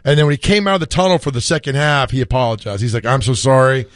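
A man's voice: medium pitch, lively intonation, very fast, no echo, studio quality. A man co-hosting a sports radio show, telling stories with frequent laughter, his voice worn from screaming. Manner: storytelling, laughs often. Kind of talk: casual sports radio chat.

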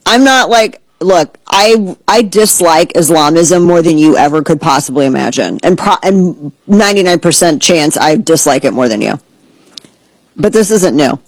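A woman's voice: fairly low pitch, moderate pace, dry recording, rough recording. Sarcastic woman host ranting. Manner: sarcastic, animated ranting with mock voices. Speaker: podcast host. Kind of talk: casual opinion commentary.

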